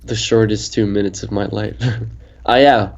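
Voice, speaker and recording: A man hosting a livestream, joking loudly and swearing freely in casual chat. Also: on the low side, fairly even intonation, normal speed. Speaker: livestream host. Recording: lo-fi stream audio.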